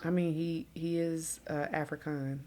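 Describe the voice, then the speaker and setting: A woman's voice: deep voice, flat delivery, a little slow, darkish tone, a little hiss or hum. A woman co-hosting a podcast, speaking earnestly and carefully explaining and qualifying her points in casual chat. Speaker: podcast co-host.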